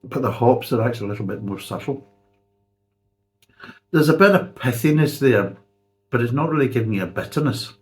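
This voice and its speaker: A man's voice: mid-range voice, lively intonation, fairly quick, long pauses, faint music behind. A man, reviewing a beer in a blunt, sarcastic way and swearing freely. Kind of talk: casual spoken review.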